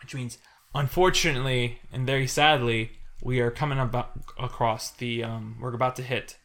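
A young man co-hosting a casual film podcast, talking in an animated, rambling way and laughing easily. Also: medium pitch, moderate pace. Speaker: podcast co-host.

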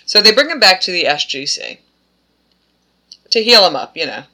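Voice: mid-range voice, very animated, normal speed, bright, forceful tone. A podcast co-host in casual chat who rambles and slips into offhand character voices.

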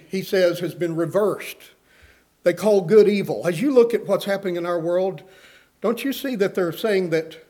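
High-voiced man preaching a sermon. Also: a little mellow. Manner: earnest, reads scripture aloud with emphasis, asks the listeners questions.

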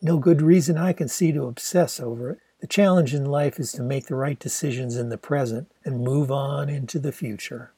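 A man reading aloud, voicing a dismissive, scoffing young male backpacker in a somewhat higher, louder voice. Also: moderate pace, few pauses, slightly rough, no echo. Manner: scoffing, offhand. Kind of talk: audiobook character voice.

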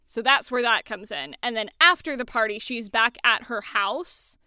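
A young woman co-hosting a casual movie chat, chatty and animated, swearing casually as she retells scenes. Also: a little high, moderate pace, clean tone, no echo, clean studio sound. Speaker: podcast co-host.

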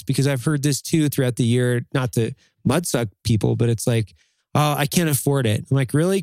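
A man's voice: medium pitch, a little mellow, no room sound. A man hosting a casual podcast chat, talking bluntly and profanely in a motivational way.

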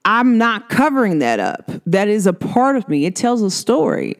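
A young adult woman in a casual self-help monologue, animated, laughing often and asking rhetorical questions. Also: mid-range voice, moderate pace. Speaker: vlogger.

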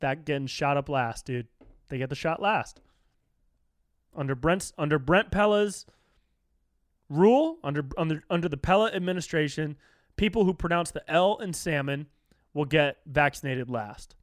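A man's voice: a little high, moderate pace, no echo, studio quality. A young man hosting a solo podcast, ranting in a loose, profane, comic way and leaning hard on words like dude and bro. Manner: profane, animated, slangy, says dude and bro a lot. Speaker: podcast host. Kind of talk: solo comedic rant.

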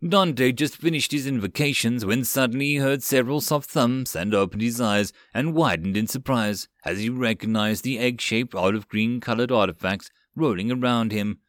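A man narrating a web novel as an audiobook, with a steady, even reading. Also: mid-range voice, moderate pace, few pauses, dry recording, studio quality.

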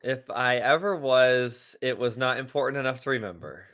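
A man's voice: medium pitch, moderate pace, fairly bright tone. A man co-hosting a casual morning show over a video call, with a dry, teasing manner. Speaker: show co-host.

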